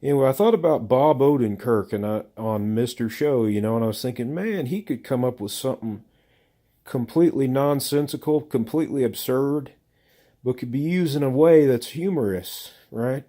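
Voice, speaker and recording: A man's voice: mid-range voice, normal speed, dark tone. A man from the American South, a comedian telling a rambling, profane, self-mocking story to camera with lots of filler. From Southern United States. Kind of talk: rambling casual monologue.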